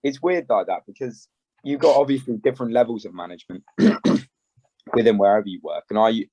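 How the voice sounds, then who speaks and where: Man, podcast host, very low voice, measured anecdote, dry close mic. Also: mellow, no room sound. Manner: measured storytelling, sums up the guest's point. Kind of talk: casual conversation, anecdote.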